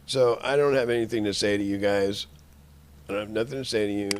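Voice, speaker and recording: A man's voice: lowish voice, steady tone, a little fast, clean tone. A man in an angry, rambling monologue, cursing and making threats at the people he addresses.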